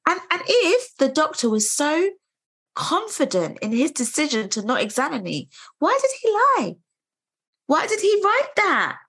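A woman in her thirties telling her story in a casual conversation, animated and indignant. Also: sits high, measured pace. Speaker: guest sharing her story.

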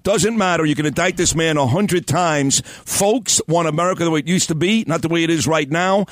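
A man's voice: on the high side, a little fast, dry recording, clean studio sound. A man hosting political talk radio, speaking in a fervent, opinionated way.

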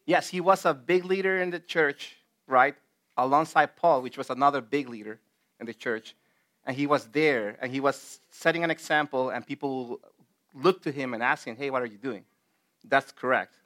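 A man with a medium-pitched, fairly bright voice speaks at normal speed; he isn't a native English speaker. He leads a casual group Bible study earnestly and emphatically, using many fillers and restarts.

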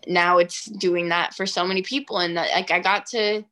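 Young woman, bright, tense tone, chatty interview guest peppering every line with "like.". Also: fairly low pitch, normal speed. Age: 20s. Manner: chatty, heavy use of "like", animated. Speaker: singer-songwriter guest. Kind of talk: casual interview storytelling.

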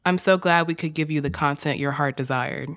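A woman from the Southern US co-hosting a podcast in casual chat, animated and wry, swearing casually. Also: low-pitched, a little fast, smooth. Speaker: podcast co-host.

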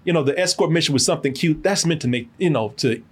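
A man hosting a casual movie review podcast, joking and animated, laughing often. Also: on the high side, fast, husky. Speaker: podcast host and film reviewer.

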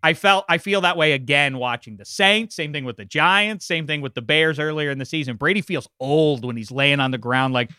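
A man co-hosting a sports talk show in an animated, opinionated way, with frequent asides. His voice is bright and forceful, with a crisp, smooth tone. The sound is dry and close. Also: a little high, fairly quick, hardly any pauses, no echo. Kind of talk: casual sports chat.

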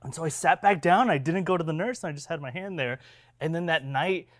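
A man in his thirties co-hosting a podcast, telling a long story in a rambling, animated way with many restarts. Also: on the high side, brisk, no echo, clean studio sound. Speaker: podcast co-host. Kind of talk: casual storytelling chat.

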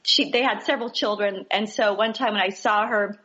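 A woman co-hosting a podcast, telling stories in an animated, laughing way. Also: mid-range voice, fairly quick, highs cut off. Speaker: podcast co-host. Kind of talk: casual storytelling.

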